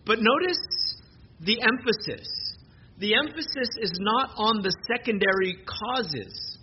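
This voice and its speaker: A man's voice: high voice, animated, unhurried. A man preaching a sermon in an earnest way, often repeating words as he restarts his sentences. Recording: muffled lo-fi sermon recording with background noise.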